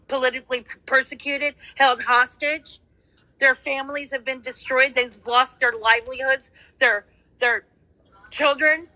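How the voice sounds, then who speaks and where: A woman leads a heated call-in talk, her bright, fairly high voice charged with anger. She repeats points for emphasis and swears freely. The sound is dry and close. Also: no echo, poor audio. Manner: angry, swearing, emphatic repetition. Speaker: host of a call-in space.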